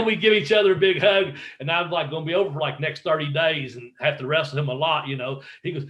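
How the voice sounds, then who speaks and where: A former wrestler telling stories in a casual interview, swearing freely and acting out what other people said. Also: male voice, a little high, fast talker, hardly any pauses. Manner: profane, animated storyteller acting out quotes. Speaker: guest, former pro wrestler.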